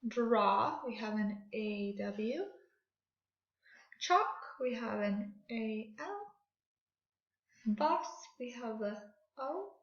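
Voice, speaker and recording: Woman teacher, high bright voice, very slow exaggerated phonics drills, echoey room. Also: animated. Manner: slow, exaggerated sounding out of words for children. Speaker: second grade teacher. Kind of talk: online phonics lesson. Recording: echoey room, dull lo-fi audio.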